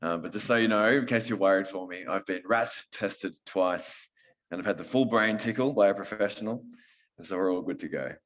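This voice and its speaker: A man preaches in a relaxed, joking, conversational way. His voice sits very low and deep throughout. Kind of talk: sermon.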